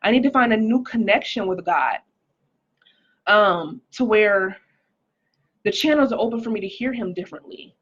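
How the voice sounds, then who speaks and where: Husky woman sharing a testimony. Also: medium pitch, animated, moderate pace, long pauses, a bit bright, highs cut off. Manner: earnest, emotional, reads viewer comments aloud. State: pregnant, recovering from stroke. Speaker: life coach. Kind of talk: live-stream testimony.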